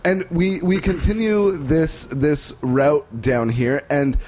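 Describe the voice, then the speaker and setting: A man's voice: fairly high pitch, steady tone, takes it slowly, a little mellow, slight background noise. A man hosting a podcast in casual chat, joking, swearing freely and laughing often. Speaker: podcast host.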